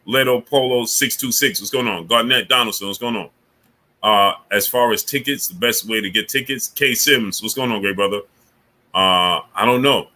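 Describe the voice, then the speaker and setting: A man's voice: lowish voice, moderate pace, bright, forceful tone. A man hosting a casual live stream, greeting viewers by name and grumbling with indignation about the platform. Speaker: livestream host.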